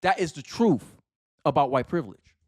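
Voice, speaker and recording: A man's voice: on the high side, lively intonation, moderate pace, a little mellow, dry recording. Man, reaction commentary host, emphatic and argumentative, repeats phrases, dry close sound.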